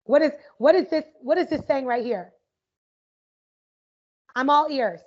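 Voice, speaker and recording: A woman's voice: sits high, unhurried. Upbeat woman teaching over a video call. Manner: energetic and upbeat, often asks "right?". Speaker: educator leading an online workshop. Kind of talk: interactive online workshop talk. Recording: muffled lo-fi video call audio.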